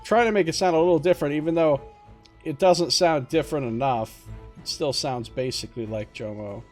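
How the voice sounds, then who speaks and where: A man's voice: a little high, brisk, faint music behind. A man streaming a gamebook, mixing read-aloud narration with wry, joking commentary.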